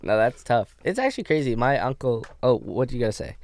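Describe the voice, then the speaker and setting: A man's voice: medium pitch, big pitch swings, fast talker, no room sound. Young Canadian man rambling casually. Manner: rambling, filler-heavy storytelling. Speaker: podcast co-host. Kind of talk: casual chat.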